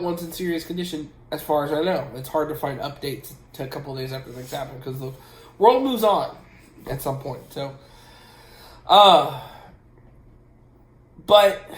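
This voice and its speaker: A man who drives trucks giving casual safety advice at home, emphatic and repeating his points with a frequent "okay?". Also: fairly high pitch. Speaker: truck driver and channel host. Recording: roomy echo.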